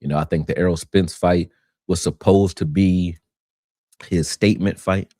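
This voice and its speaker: A man's voice: sits low, steady tone, normal speed, mellow, no echo, studio quality. A man who coaches boxing, hosting a casual livestream and chatting to viewers, repeating words as he gathers his thoughts, with a slight catch in his throat. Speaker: boxing coach and show host.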